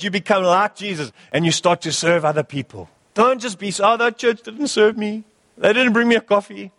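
A man's voice: high voice, fairly bright tone, in a large hall. A male pastor preaching a sermon, urging his church with emphatic, repeated exhortations.

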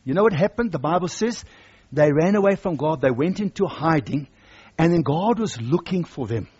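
A man's voice: fairly high pitch, lively intonation, moderate pace, darkish tone, husky, dull audio. A man preaching a sermon, emphatic and repeating his key phrases for weight.

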